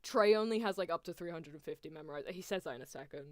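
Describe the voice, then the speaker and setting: A woman's voice: fairly low pitch, fast talker, no room sound, studio quality. A woman streamer giving casual, giggly watchalong commentary and asking her chat questions.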